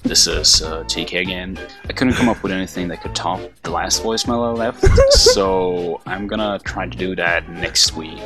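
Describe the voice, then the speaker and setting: Deep gravelly man rambling in a voicemail. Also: wildly swooping pitch, normal speed, over music. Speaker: caller. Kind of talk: phoned-in voicemail.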